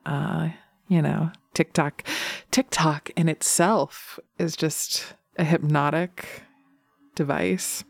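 Woman, hypnosis creator, morning voice, gravelly and low, unhurried, dry close sound. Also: fairly even intonation, no echo. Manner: soft, giggly, affectionate, wandering. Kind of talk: casual morning chat to listeners.

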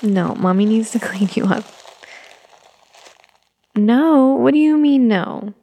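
A woman in a gentle mommy role-play, talking soothingly to an imagined toddler, sometimes whispering. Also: fairly high pitch, expressive, slow, slight background noise.

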